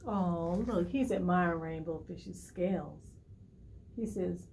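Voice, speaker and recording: A woman hosts a library storytime, animatedly reading a picture book to preschoolers and asking them questions. Her voice is lowish, slow and gravelly, with a little hiss or hum.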